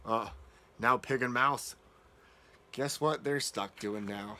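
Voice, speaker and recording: Children's storyteller, male; playful, jokey, unhurried, bright tone. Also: medium pitch. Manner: playful, goofy, jokes to kids.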